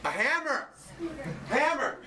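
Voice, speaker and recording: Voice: sits high, very animated, slow, a loud crowd. Chatty improv host on a live stage. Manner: chatty, with many fillers and restarts. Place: small theater stage with audience. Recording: echoey, distant, noisy live recording.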